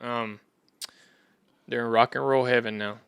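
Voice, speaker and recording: A man's voice: mid-range voice, fairly even intonation, a little slow, vocal fry, a bit bright, smooth, dry recording. A young Texan man hosting a sports podcast, chatting loosely with a rambling, profane manner. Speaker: podcast host. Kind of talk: casual chat.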